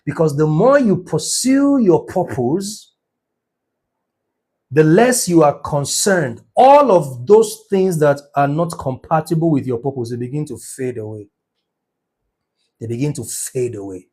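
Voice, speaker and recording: A man lectures on numerology with the push of a preacher, his pitch sitting a little high for a man. His voice has a husky grain. He stresses his points hard and climbs to near shouts. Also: expressive, unhurried. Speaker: numerology teacher. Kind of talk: motivational lecture.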